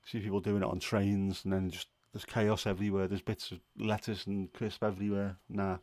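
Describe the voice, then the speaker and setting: Low, flat-voiced man musing. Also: brisk, no room sound. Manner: rambling, musing, with many fillers and restarts. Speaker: livestream host. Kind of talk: casual chat.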